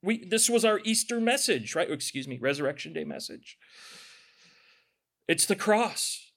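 A male pastor preaching a sermon in a lively, conversational way, with asides to the congregation and acted-out quotes. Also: sits high, a little slow, gravelly.

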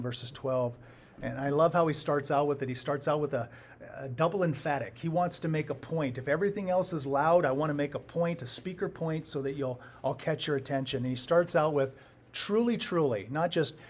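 A male pastor preaching with a mid-pitched voice, leaning hard on key words and repeating them for emphasis. His volume swells and sinks as he drives each point home. A faint hiss of noise sits under the recording. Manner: emphatic, rises and drops in volume for stress, repeats phrases. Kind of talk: sermon.

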